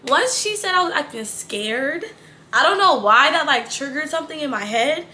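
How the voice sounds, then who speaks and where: A woman's voice: sits high, expressive, normal speed, sharp tone, a little hiss or hum. A young woman telling a storytime to her viewers in a chatty, blunt way, swearing freely. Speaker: storytime vlogger. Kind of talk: casual storytelling to camera.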